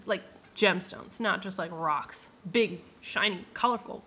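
A young woman casually retelling a book in an animated, profane way, full of fillers and asides. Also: medium pitch, measured pace, breathy edge. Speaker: book summarizer.

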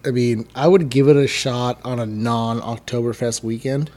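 A man's voice: medium pitch, steady tone, moderate pace, darkish tone. Wisecracking man in casual chat. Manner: joking, wisecracking. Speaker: podcast co-host.

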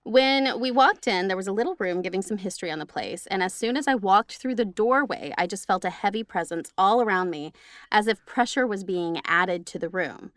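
A woman's voice: medium pitch, lively intonation, brisk, a bit bright, dry recording. A woman co-hosting a podcast who reads listener stories aloud and laughs easily in chat. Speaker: podcast co-host.

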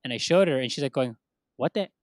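A man telling a story in casual chat, animated, acting out what others said in raised voices and swearing freely. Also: medium pitch, racing, dry recording, clean studio sound.

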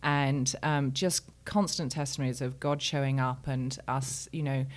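A woman's voice: extremely low pitch, fairly even intonation, unhurried. A middle-aged woman with a London English accent, a pastor speaking as a guest in a casual interview, earnest and full of ums. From England. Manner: earnest, warm-hearted storytelling with frequent ums.

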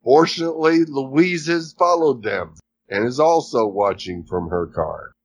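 A man co-hosting a podcast, retelling the plot of a series in a measured, matter-of-fact way. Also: medium pitch, slight background noise. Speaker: podcast co-host recapping a series. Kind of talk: casual chat.

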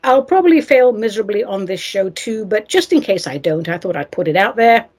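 A woman's voice: mid-range voice, expressive, fairly quick, darkish tone, husky. A woman from England, hosting a radio show and reading listener letters in a playful, theatrical, sing-song manner.

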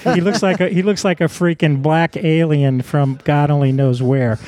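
A man recalling old tour stories in casual conversation, lively and animated. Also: a little high, normal speed. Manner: lively storyteller who acts out quotes. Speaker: co-host, former road manager.

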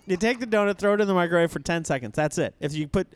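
A man's voice: high voice, very fast, smooth, no echo. A man co-hosting a ministry podcast, chatting casually and laughing often. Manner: laughs often, animated storytelling. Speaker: podcast co-host. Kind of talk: casual chat.

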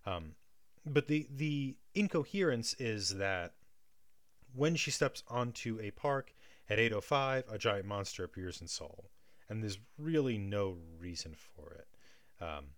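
Thoughtful low-voiced man explaining ideas. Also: lively intonation, measured pace, dry recording, clean studio sound. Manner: thoughtful, many restarts and "right?" checks. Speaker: guest discussing film and theatre. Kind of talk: casual analytical chat.

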